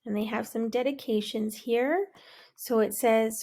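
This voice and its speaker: A woman reading a children's picture book aloud in a slow, expressive, dramatic way. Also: a little high, gravelly. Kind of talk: storybook read-aloud.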